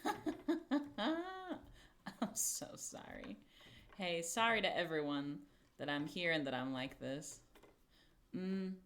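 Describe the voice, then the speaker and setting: In a low but somewhat bright voice, a young woman chats with her stream at a normal speed, animated but with long pauses. She mutters, swears and jokes about herself while working on a craft project. Slight background noise runs underneath.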